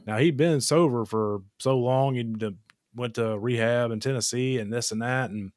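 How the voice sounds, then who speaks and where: A man's voice: mid-range voice, normal speed, a little mellow, no room sound, clean studio sound. Blunt, profane man telling a story. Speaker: podcast host. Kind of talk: casual storytelling chat. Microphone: podcast microphone.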